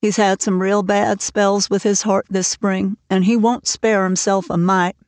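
A woman's voice: medium pitch, level tone, a little slow, darkish tone, no echo, close to an everyday voice. A woman reading the part of a stern, worried older farm woman who speaks plainly and bluntly, for an audiobook. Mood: troubled.

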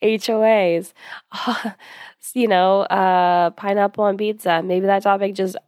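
A woman's voice: medium pitch, steady tone, slow, a little mellow, clean tone, dry recording, clean studio sound. A young woman talking casually as a host giving advice, chatty with lots of fillers, a little short of breath. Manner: chatty, many fillers and asides.

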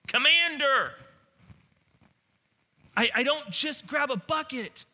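A man's voice: very high voice, voice pushed up, full character voice. A male preacher voicing Jesus as a reassuring, powerful savior, speaking insistently in a sermon. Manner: fervent, insistent, rising to near shouting.

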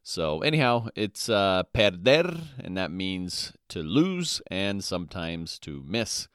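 A deep, very animated voice, smooth and fairly bright, belongs to a podcast host teaching Spanish. He works slowly and repetitively, giving phrases twice with translations and checking in with "okay?" and "all right." The recording is dry, with clean studio sound.

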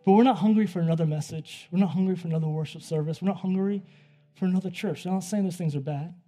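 A man delivers a sermon in an easy, conversational manner, as if talking to friends. His voice sits slightly high, with a warm, mellow tone and a husky, breathy edge. He drops to near-hushed passages and then rises to loud, excited ones. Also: fast, faint music behind. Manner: conversational, animated storytelling that swings from hushed to loud. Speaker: preacher. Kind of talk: sermon with storytelling.

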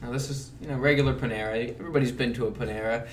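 A man's voice: mid-range voice, fairly even intonation, rapid-fire, reverberant, far from the mic, slight background noise. Laughing young man, off-mic in a room. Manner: laid-back, rambling, laughs often. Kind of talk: casual chat with friends.

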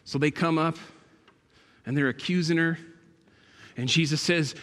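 A man preaching a sermon in a church, emphatic and building to loud, passionate peaks. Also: on the high side, fairly even intonation, measured pace, long pauses. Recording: long hall reverb.

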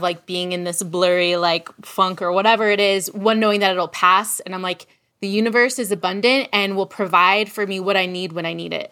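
A woman's voice: medium pitch, pushed and bright. A woman in casual conversation, reflecting and thinking aloud, with plenty of fillers like "like" and "kind of". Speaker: coach.

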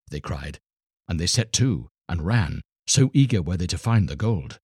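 Male storyteller, deep husky voice, lively expressive reading, dry close sound. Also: normal speed, no echo. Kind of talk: children's story narration.

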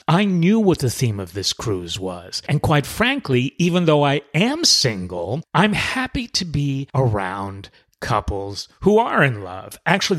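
A man's voice: mid-range voice, a bit bright, exaggerated voice. A man voicing a cheerful, chatty single woman in middle age, who talks in a bubbly, upbeat way.

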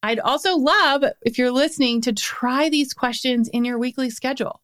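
A woman's voice: fairly high pitch, normal speed, hardly any pauses, a bit bright. A young adult woman hosting a solo motivational podcast, talking in an upbeat, encouraging way with lots of emphatic repetition, into a podcast mic. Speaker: podcast host.

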